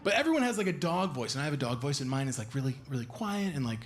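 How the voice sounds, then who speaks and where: A man's voice: mid-range voice, sing-song, racing. A young man doing a stand-up set on a small club stage, with chatty, self-deprecating storytelling into a handheld mic. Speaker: stand-up comedian. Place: small comedy club stage, live audience. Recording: live club recording with audience noise.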